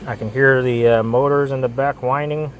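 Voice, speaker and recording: Man mechanic, casual repair walkthrough, mid-pitched, stumbling restarts, faint background noise. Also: fairly even intonation, moderate pace. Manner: rambling, repeats words and restarts often. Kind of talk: casual how-to narration while working. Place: auto repair shop.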